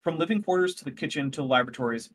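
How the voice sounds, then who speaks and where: A male game master narrating a tabletop space adventure, his voice sitting fairly high for a man. He talks in a relaxed, rambling way, pausing with fillers and correcting himself as he goes.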